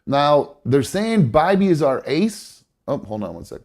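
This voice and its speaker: This man hosts a live show and rambles about baseball, stumbling over fillers, restarting sentences, and correcting himself, all through a blocked nose. He talks at a medium pitch, a touch slowly and a bit mellow, with barely any pauses.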